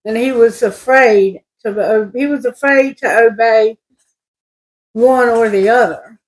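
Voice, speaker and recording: A woman tarot reader reads scripture aloud and muses on it slowly and loosely, often restarting and correcting her sentences. Her voice is on the high side, and the recording is rough. It's a casual spiritual reading.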